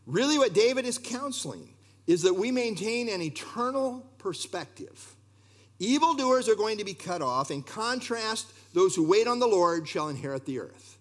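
A man preaching a sermon, expressive and talking straight to his congregation with asides. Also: sits high, normal speed. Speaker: pastor.

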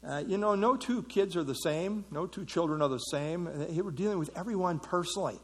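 A middle-aged man teaching a Bible passage in a relaxed, conversational way, with many fillers and restarts. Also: high-pitched, brisk, slightly rough. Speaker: pastor teaching a Bible study.

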